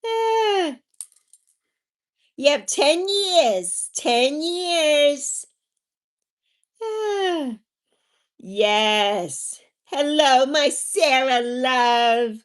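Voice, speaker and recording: A woman's voice: high voice, expressive, very slow. A woman hosting a casual livestream, chatting with viewers in a bubbly, sing-song way and drawing out her words. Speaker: livestream host.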